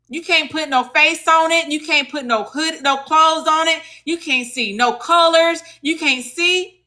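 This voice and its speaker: A woman's voice: high voice, a little slow, bright, forceful tone. A woman with a Southern US accent hosting a casual livestream about legal advocacy, chatty and folksy, talking straight to her viewers.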